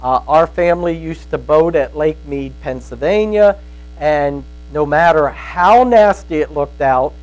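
A man's voice: a little high, unhurried, a little mellow, rough recording. A man giving a conversational sermon as a Bible teacher, telling stories in a folksy way and often checking in with his listeners. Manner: storytelling, folksy, asks "right?" often.

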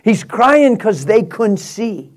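A man preaching a sermon, rising to passionate, laughing exclamations and dropping to a hushed prayerful tone. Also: high voice, sing-song, takes it slowly. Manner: drops to a hushed prayerful tone near the end.

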